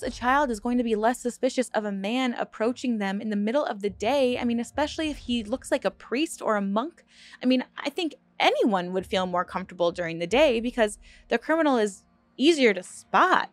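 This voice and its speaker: A woman hosting a true crime channel, telling a dark case in a casual, earnest way with asides and fillers, sometimes choked up. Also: fairly high pitch, lively intonation, brisk, dry recording. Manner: earnest, emotional, choked up at times; conversational with many fillers and restarts.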